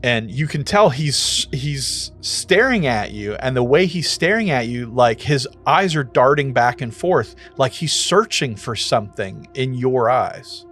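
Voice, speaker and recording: A man narrating a tabletop game as game master, in a relaxed way with frequent fillers. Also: mid-range voice, measured pace, hardly any pauses, faint music behind.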